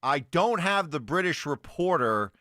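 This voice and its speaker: Lively, bright-voiced sports radio host. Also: male voice, fairly high pitch, measured pace, no room sound, studio quality. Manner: animated, conversational. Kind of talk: morning sports talk. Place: radio studio.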